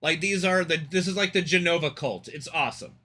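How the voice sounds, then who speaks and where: A young man streaming live, rambling excitedly and cursing as he reacts to a game trailer. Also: on the high side, fairly quick, slight background noise. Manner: excitable, rambling, swears freely. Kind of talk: casual live-stream commentary.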